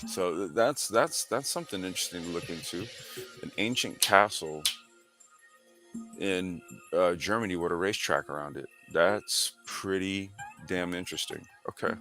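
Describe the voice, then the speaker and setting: A man's voice: low-pitched, moderate pace, bright, forceful tone, soft background music. A man hosting a casual sim racing talk show, reading history aloud with lots of fillers and slang. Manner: laid-back, slangy, reads history aloud with frequent fillers. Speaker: podcast host.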